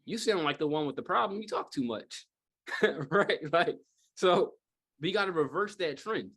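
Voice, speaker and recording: A man's voice: on the high side, lively intonation, moderate pace, a bit bright. Casual, rambling male sales trainer. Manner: casual, rambling, lots of fillers and rhetorical "right?". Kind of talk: live sales training talk. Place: training room with a live audience.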